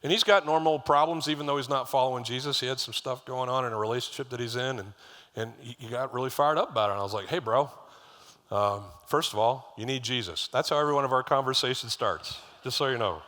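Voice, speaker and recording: A man's voice: mid-range voice, fast, pushed and bright. A middle-aged man preaching a sermon as lead pastor, conversational and storytelling, with asides to the congregation. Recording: live church hall reverb.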